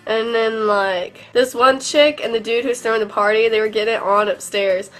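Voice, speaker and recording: A woman's voice: fairly high pitch, fairly even intonation, normal speed, fairly bright tone, soft background music. A young woman telling rambling, giggly stories in a casual vlog, filmed on her phone at home. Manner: rambling, giggly storytelling with filler words. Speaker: vlogger. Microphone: phone camera.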